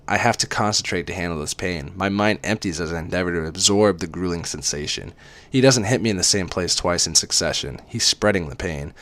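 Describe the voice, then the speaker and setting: A man's voice: low voice, fairly quick, fairly bright tone, dry recording. A man reading a romance story aloud as dramatic first-person narration. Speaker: reader.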